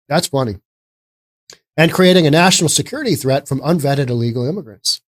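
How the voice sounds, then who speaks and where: Brief: male commentator, slightly higher voice, sarcastic, rambling delivery. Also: lively intonation, fairly quick. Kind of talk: casual political commentary.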